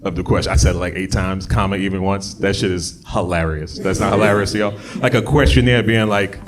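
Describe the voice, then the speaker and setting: Man doing stand-up, shouting bits. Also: low-pitched, fairly even intonation, a little fast, noisy background. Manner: conversational, jumps into loud shouted bits for voices. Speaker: stand-up comedian. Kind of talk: stand-up comedy set.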